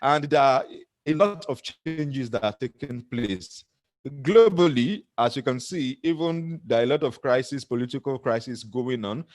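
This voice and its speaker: A middle-aged Nigerian-accented man delivering an earnest motivational talk, breaking into self-mocking laughter along the way. His voice sits at an ordinary male pitch and is recorded close and dry. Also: moderate pace, darkish tone, no room sound. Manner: earnest, laughs often at himself. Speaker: motivational speaker.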